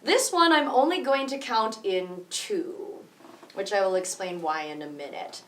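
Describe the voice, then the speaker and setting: A woman music teacher explaining rhythm slowly and patiently, counting beats out loud. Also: medium pitch, recorded from a distance. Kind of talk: rhythm tutorial with counting aloud. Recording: echoey room, voice from off mic.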